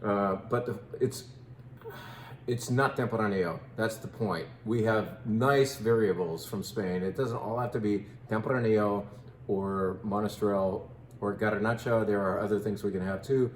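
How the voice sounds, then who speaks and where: A man in his fifties hosts a relaxed wine tasting in a lowish voice, chatty and quick with playful asides on pronunciation. The sound is roomy and echoey, with a faint hum of noise underneath. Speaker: wine shop host. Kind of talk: casual wine tasting talk.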